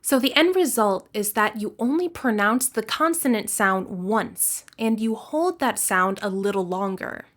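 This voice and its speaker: A woman narrates a scripted English lesson at an unhurried pace. She explains each point carefully and slows down further to model example words, keeping a middle-pitched, even teaching voice. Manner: clear, deliberate explanations with slow example words.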